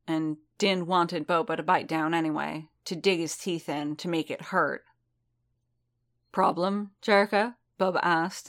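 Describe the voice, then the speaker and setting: Low, slow-reading woman narrator. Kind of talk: scripted fiction narration.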